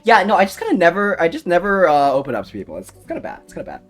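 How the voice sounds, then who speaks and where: Soft background music plays under a young man's high-pitched, very fast voice, whose pitch swoops wildly. He's chatting loosely on a live stream, rambling through tangents, laughing often and cursing freely.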